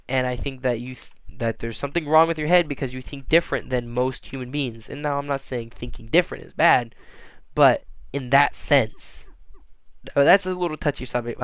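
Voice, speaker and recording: A man's voice: mid-range voice, fairly bright tone, clean tone, no room sound. A man rambling through a casual monologue, often restarting and tagging on "all right?". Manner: halting, frequent restarts and fillers.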